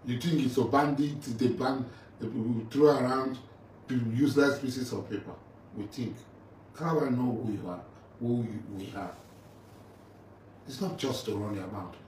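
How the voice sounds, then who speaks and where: A man's voice: medium pitch, measured pace, long pauses, darkish tone. A middle-aged man with a Nigerian English accent, delivering an angry, mocking rant at a rival. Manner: taunting, confrontational, mocking. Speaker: militant leader addressing a rival. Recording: roomy, distant mic with faint ambient noise.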